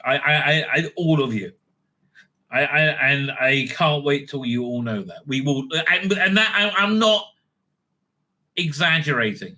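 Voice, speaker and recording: A man hosting a casual monologue, rambling with many restarts and sudden excited bursts. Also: a little high, a little slow. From Israel. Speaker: host.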